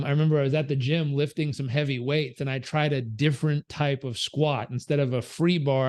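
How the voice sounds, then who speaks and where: A man, a performance coach guest on an interview show, telling personal stories in a lively conversational way, acting out the voices of the people he quotes. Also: fairly high pitch. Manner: animated, acts out quoted voices, many fillers. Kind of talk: conversational storytelling.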